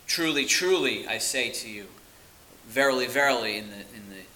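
A man's voice: lowish voice, moderate pace, sharp tone, poor audio. A man preaching a sermon, earnest and emphatic, often repeating words for weight. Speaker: pastor.

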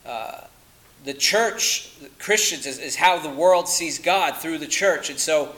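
A man with a fairly high voice preaches a sermon slowly, emphatic and insistent. He fires off rhetorical questions and drops to a quiet tone at the ends of lines. The audio quality is poor.

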